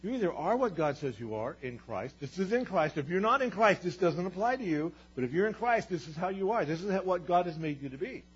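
A man's voice: sits high, very animated, fairly quick, few pauses, breathy edge. A man preaching a sermon as pastor, earnest and building to emphatic repeated declarations. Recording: dull, lo-fi sermon recording.

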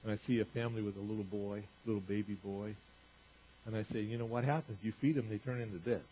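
A male pastor preaching a sermon in a conversational way, repeating phrases and rising in pitch for emphasis. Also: steady tone, quick pace, mellow, a little hiss or hum. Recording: dull lo-fi recording.

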